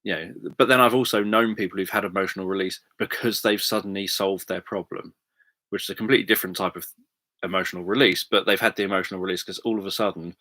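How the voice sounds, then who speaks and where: A man's voice: deep voice, bright, forceful tone, dry recording. A man, a hypnotherapist chatting casually on a livestream, thinking aloud with many fillers. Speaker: hypnotherapist answering viewer questions.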